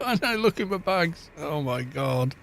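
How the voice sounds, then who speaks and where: A man's voice: fairly high pitch, animated, measured pace, fairly bright tone, a little hiss or hum. A middle-aged Welsh man chatting casually and rambling as he streams a game, poking fun at himself. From Wales. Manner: self-mocking, rambling, chatty. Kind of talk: casual gameplay chat.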